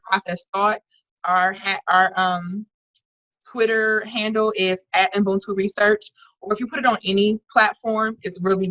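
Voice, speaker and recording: Over a video call, a woman facilitates an online workshop, speaking earnestly and conversationally with lots of fillers and restarts. Her voice is medium-pitched and a little bright, with no echo but a dull audio quality.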